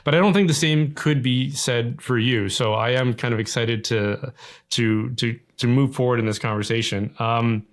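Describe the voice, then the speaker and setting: A man's voice: mid-range voice, normal speed. A man with a Canadian accent, hosting a casual interview and talking with many fillers and restarts. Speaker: host.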